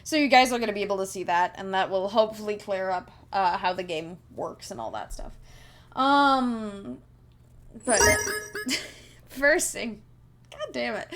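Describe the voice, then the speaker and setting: A woman's voice: on the high side, expressive, moderate pace, creaky, fairly bright tone. A woman streaming live, chatting casually with viewers in a rambling way, giggling and full of fillers while she explains a tabletop game.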